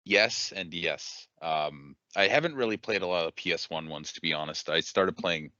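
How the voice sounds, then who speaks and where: A man co-hosting a casual podcast, relaxed and quick to laugh while sharing his opinions. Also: low-pitched, no echo, lo-fi sound. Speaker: podcast co-host.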